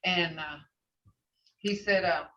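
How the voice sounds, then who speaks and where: A woman's voice: lowish voice, takes it slowly, fairly bright tone. An older woman teaching a language class who tells stories and uses many "you know" fillers. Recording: echoey, distant, dull recording.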